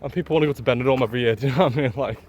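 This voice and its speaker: An excitable man with a Yorkshire accent talks straight into a handheld camera, gushing and repeating himself in a loose travel vlog. His voice sits at an ordinary middle pitch. Faint outdoor noise runs underneath. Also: very fast. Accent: Yorkshire English. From Leeds, England. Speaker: travel vlogger.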